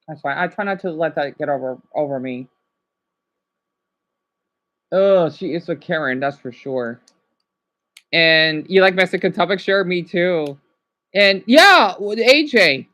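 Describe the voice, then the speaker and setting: A woman's voice: fairly low pitch, a bit bright. A woman hosting a livestream, chatting casually with viewers and calling them by name as she reacts to a video. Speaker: livestream host.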